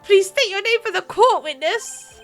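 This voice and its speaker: A woman's voice: very high-pitched, normal speed, soft background music, voice pushed up. A woman voicing a meek, deferential middle-aged male prosecutor in a game read-through. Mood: fawning. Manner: deferential, apologetic.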